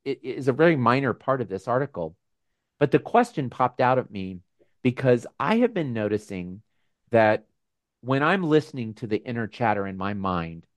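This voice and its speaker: A man hosting a casual video call with his members, talking in a gentle, musing way with frequent restarts. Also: mid-range voice, lively intonation, a little slow, dry recording, clean studio sound. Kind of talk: casual reflective talk.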